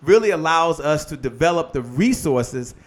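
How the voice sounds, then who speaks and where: A man's voice: fairly high pitch, expressive, normal speed. A man hosting a live motivational business show, preaching in call-and-response and greeting viewers by name. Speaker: host.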